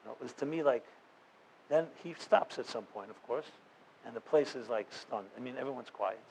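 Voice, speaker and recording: A man speaking as a rabbi before a live audience, telling a story with earnest conviction. His delivery is loose and conversational, full of fillers and restarts, and his pitch sits in an ordinary middle range. A faint hiss runs under his voice. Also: a little fast, gravelly, darkish tone, poor audio.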